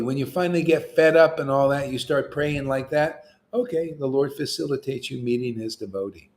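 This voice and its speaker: A man preaching an informal devotional sermon, animated and chatty, slipping into slang and chuckling between points. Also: medium pitch, brisk, few pauses. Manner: animated, acts out quoted voices; chuckles often, casual slang. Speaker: spiritual teacher.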